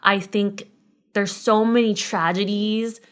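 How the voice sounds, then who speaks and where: A Connecticut woman in her thirties co-hosts a podcast, talking casually with real emotion and swearing freely. Her mid-range voice is clean, her intonation fairly even, and she takes her time.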